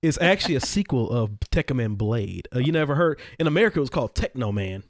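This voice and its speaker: A man co-hosting a podcast in casual chat, animated and full of fillers as he explains. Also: medium pitch, fast, no echo, clean studio sound. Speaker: podcast co-host. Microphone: podcast mic.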